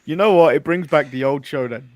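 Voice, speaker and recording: A man's voice: on the high side, fairly quick, darkish tone. An English man co-hosting a casual wrestling podcast, joking, swearing freely and laughing often. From England. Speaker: co-host.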